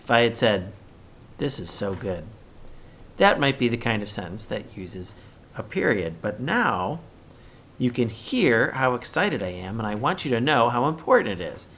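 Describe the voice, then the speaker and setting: A man teaching young children in a recorded remote lesson, speaking slowly and deliberately and reading example sentences with exaggerated expression. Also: medium pitch, very animated, a bit bright, slight background noise.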